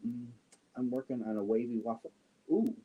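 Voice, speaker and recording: A man's voice: medium pitch, normal speed, breathy edge, lo-fi sound. A man hosting a crochet livestream, chatting casually, reading viewer comments and cooing to his cats. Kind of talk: casual chat while crocheting.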